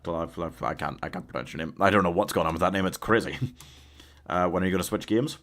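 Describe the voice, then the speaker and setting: A man's voice: deep voice, a bit bright. A man from the UK chatting on a live gaming stream. He reads viewer messages, laughs a lot, and coughs now and then while ill.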